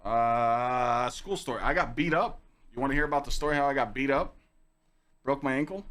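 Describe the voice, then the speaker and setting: A young man hosting a casual podcast stream, telling stories to chat in a lively, swearing, animated way. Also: medium pitch, moderate pace. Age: young adult. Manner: animated, swearing, acts out quoted lines in a raised voice. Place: home streaming room with dog on lap.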